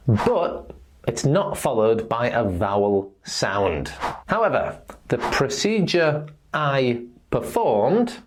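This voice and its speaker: A pronunciation teacher, giving a lesson and carefully modelling words one by one. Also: medium pitch. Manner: slow, deliberate, demonstrates words one at a time.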